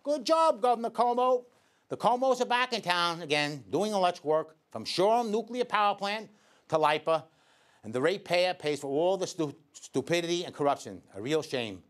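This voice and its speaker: New electrician host, high-pitched voice, sarcastic editorial rant. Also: male voice, lively intonation, fairly quick, a bit bright. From Staten Island, New York. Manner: indignant, sarcastic, addresses people directly. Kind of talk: scripted editorial commentary.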